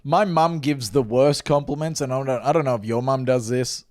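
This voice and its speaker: A man's voice: medium pitch, moderate pace. A man, co-hosting a casual comedy podcast, telling stories and acting out quotes. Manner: animated storyteller, acts out quotes.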